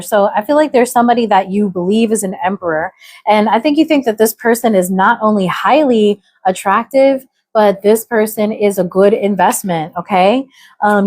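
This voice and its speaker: A woman's voice: medium pitch, darkish tone. An American woman doing a casual, chatty tarot reading, musing aloud with fillers. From United States. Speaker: tarot reader.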